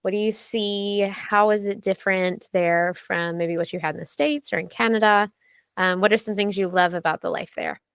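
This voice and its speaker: A woman's voice: mid-range voice, steady tone, normal speed, vocal fry, smooth, dry recording, clean studio sound. A woman hosting a casual podcast interview, asking questions with enthusiasm and friendly reactions. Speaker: podcast host interviewing missionaries.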